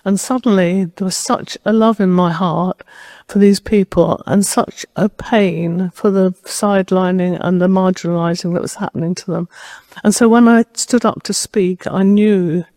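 A woman preaching a sermon at a medium pitch, sharing a personal story as if talking to friends. Her voice is close and dry, with almost no room sound. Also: fairly even intonation, moderate pace, warm tone, no echo. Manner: personal storytelling, conversational and direct.

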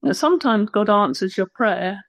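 A woman's voice: medium pitch, lively intonation, moderate pace, vocal fry, no room sound. A woman preaching a conversational sermon, plain-spoken and self-deprecating.

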